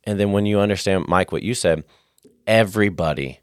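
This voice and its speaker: Deep-voiced man, animated podcast storyteller. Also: brisk, no echo, studio quality. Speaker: podcast co-host. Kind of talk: casual podcast chat.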